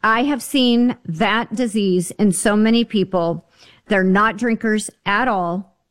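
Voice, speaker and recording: A woman's voice: mid-range voice, takes it slowly. A woman on a talk show, telling stories and giving health advice in a chatty, emphatic way. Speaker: guest health advisor. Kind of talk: casual radio talk.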